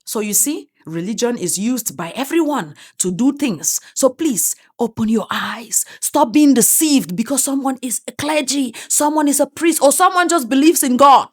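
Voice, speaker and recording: Woman, African accent, opinionated commentary, emphatic, rhetorical questions, fairly high voice. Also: expressive, moderate pace, hardly any pauses. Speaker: online commentator.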